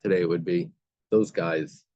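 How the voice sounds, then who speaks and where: A man with a low voice leads a daily Talmud class. He reads Aramaic phrases and then breaks them down in easygoing, conversational English. The recording is dry and a bit dull. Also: fairly even intonation, normal speed, warm tone, dry recording. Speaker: Talmud teacher.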